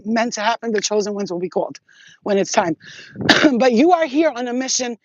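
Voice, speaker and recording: Brief: woman vlogger with a slightly high voice, swearing freely and rambling, recorded dry and muffled. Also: brisk, dry recording. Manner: profane, excitable, streetwise slang. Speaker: spiritual vlogger. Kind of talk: rambling casual monologue to viewers.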